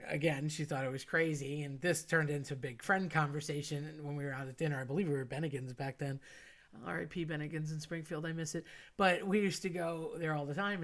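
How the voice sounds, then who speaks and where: A woman's voice: low voice, fairly even intonation, fairly quick. A woman telling a personal story in a chatty, rambling way with many fillers. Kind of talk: casual spoken storytelling.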